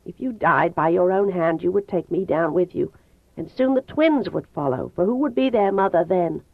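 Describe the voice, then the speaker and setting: A woman reading an audiobook voices an earnest, protective teenage boy in a lowered, hushed voice. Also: lively intonation, moderate pace, no echo. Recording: tinny phone-like dry sound.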